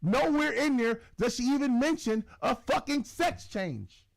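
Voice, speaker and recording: High-voiced guy hosting a podcast, annoyed, cussing a lot, keeps repeating himself. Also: lively intonation, unhurried, creaky. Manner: exasperated, profane, repetitive. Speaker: podcast host. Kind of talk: heated casual argument.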